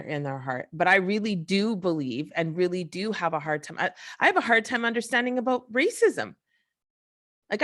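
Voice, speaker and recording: A woman's voice: a little high, fairly bright tone. A woman host giving an emotional solo monologue, impassioned and profane, full of restarts and rhetorical questions. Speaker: podcast host.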